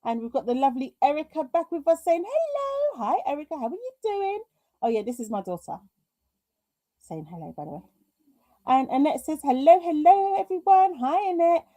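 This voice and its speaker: A woman's voice: high voice, sing-song, a little fast, long pauses, mellow, dry recording. A British woman hosting a live craft stream, chatting casually, reading viewer comments aloud and talking to herself through technical hiccups. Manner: chatty, reads chat aloud, talks to herself through tech glitches.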